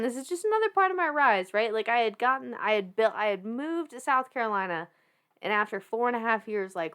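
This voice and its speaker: Her voice at an ordinary middle pitch, a woman in her thirties with a Southern twang recounts her story as a podcast guest. She talks in a lively, relaxed manner, laughing a lot and cursing freely.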